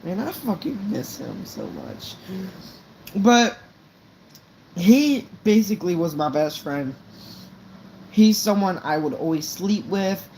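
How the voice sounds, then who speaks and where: A man's voice: high voice, wildly swooping pitch, slow pace, vocal fry, long pauses, a little mellow, slight background noise. A young man casually telling a true story on a live stream, rambling and swearing, with lots of "right?" fillers.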